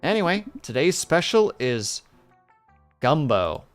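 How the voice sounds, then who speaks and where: A folksy cowboy saloon owner, put on by a man greets newcomers in a friendly western drawl. His voice sits higher than the performer's own and swings up and down. Faint music plays underneath. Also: big pitch swings, takes it slowly. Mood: welcoming.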